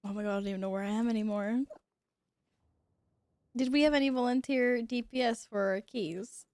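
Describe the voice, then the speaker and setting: A woman's voice: fairly high pitch, normal speed, a little mellow, no room sound, clean studio sound. A woman streamer with the hiccups, chatting casually while gaming, giggly, flustered and swearing now and then. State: has the hiccups.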